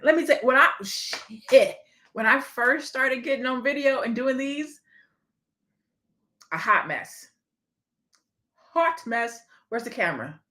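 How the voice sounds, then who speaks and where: A woman's voice: on the high side, a bit bright. A woman hosts a live-streamed motivational talk. She has a slight lisp and speaks candidly and conversationally. She reads viewer comments aloud as she goes. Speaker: livestream host and speaker.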